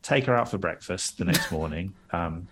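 A man's voice: sits low, expressive, normal speed, slight background noise. A man casually telling a rambling, self-deprecating story on a podcast. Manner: rambling, self-deprecating, acts out voices in anecdotes.

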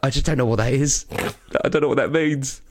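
A man's voice: medium pitch, a little fast. A man co-hosting a podcast in casual chat, telling anecdotes animatedly and acting out the voices of people he quotes. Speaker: podcast co-host.

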